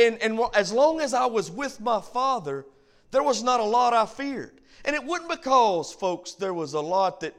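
A man preaching a Bible study as pastor, with a repetitive, rising cadence. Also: high voice.

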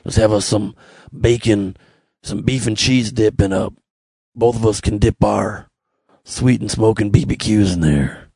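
A man voicing a sleazy, low-crooning guy who invites his buddy into the smokehouse, speaking in a deep, gravelly put-on voice. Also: a little slow, darkish tone, no echo, heavily acted. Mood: sultry.

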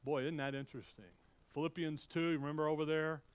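A middle-aged man preaching a sermon as pastor, animated and anecdotal, moving between loud emphasis and quiet asides. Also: a little high, fairly quick, clean tone, no echo.

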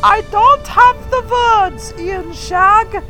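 A lovesick woman swoons in a shrill falsetto, as a man puts her on. The voice sits far above a man's range and comes out loud and drawn out. Music plays clearly in the background. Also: extremely slow, full character voice. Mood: swooning. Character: breathless swooning woman lover.

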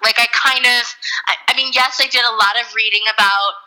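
Woman, actress guest, bright high-ish voice, chatty and filler-heavy. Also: fairly even intonation, a little fast, poor audio. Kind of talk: casual interview chat.

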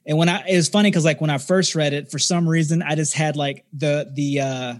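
Man talking haltingly with lots of fillers. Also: on the high side, fairly even intonation. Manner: halting, many fillers and restarts. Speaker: podcast guest. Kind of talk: casual conversation.

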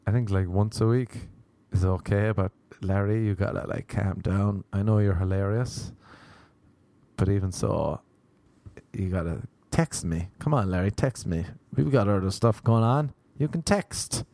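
A man's voice: fairly low pitch, measured pace, warm tone, no room sound. A young Irish man doing a rambling, sardonic stand-up comedy routine. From Ireland. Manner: rambling, sardonic observational storytelling.

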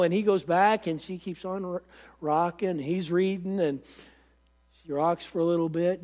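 A man preaching a sermon as pastor, halting often, with many fillers and repeated phrases. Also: high voice, steady tone. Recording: echoey hall.

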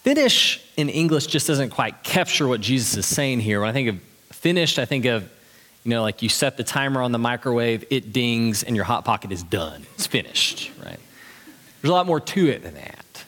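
A pastor delivering a sermon in a church, earnest and conversational with light humor. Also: male voice, mid-range voice, sing-song, normal speed, fairly bright tone. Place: church sanctuary. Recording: long reverb of a large hall.

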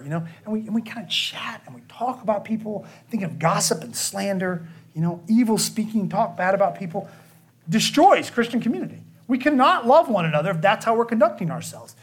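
A man's voice: high-pitched, a little fast, breathy edge. A man pastor preaching a conversational expository sermon, often checking in with the congregation by asking "okay?".

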